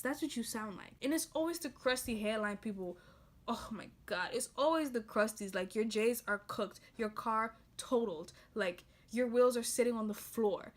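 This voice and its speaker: A woman's voice: a little high, a bit bright. Blunt, exasperated young New woman. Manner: blunt, exasperated and joking, with laughs. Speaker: vlogger. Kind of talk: casual talk to camera.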